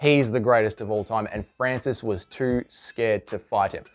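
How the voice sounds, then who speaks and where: A man's voice: fairly low pitch, moderate pace. Emphatic man giving his opinions. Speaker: host and commentator. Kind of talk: casual opinion commentary.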